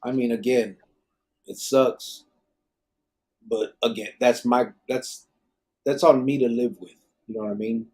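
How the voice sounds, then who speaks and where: A former gang member from Arizona, USA hosts a live podcast, reading viewer comments in a blunt, emphatic way and swearing freely. His mid-range voice is warm and steady, a little slow, with frequent pauses.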